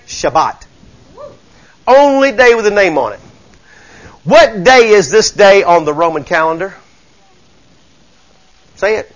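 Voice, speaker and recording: A male preacher with a high-pitched voice, delivering a sermon with fire. He reads scripture aloud and then presses the congregation with rhetorical questions. He slips into folksy, casual asides between the verses. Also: lo-fi sound.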